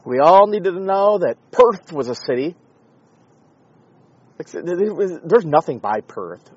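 A man hosting a podcast, talking in a rambling, sarcastic, profane comedic monologue with a husky voice. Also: sits high, big pitch swings, a little slow, dull audio. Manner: rambling, sarcastic, swears often. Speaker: podcast host.

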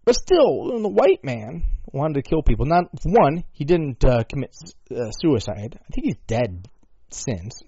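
Man doing a rambling, foul-mouthed comic rant, loud bursts then mutters; dull, dry lo-fi recording. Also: sing-song, unhurried, husky, no echo. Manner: rambling, profane, swings between loud outbursts and low mutters. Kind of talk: profane comedic rant. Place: at home with a dog.

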